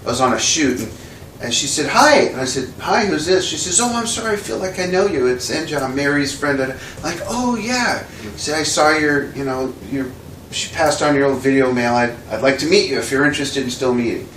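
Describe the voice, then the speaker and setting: A man's voice: mid-range voice, fairly quick. Man telling a story, roomy, distant mic. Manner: animated storyteller who acts out quoted dialogue. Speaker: interview guest, drummer. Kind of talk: casual anecdote telling. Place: indoor room with a window. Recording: roomy echo, mic at a distance, faint background noise.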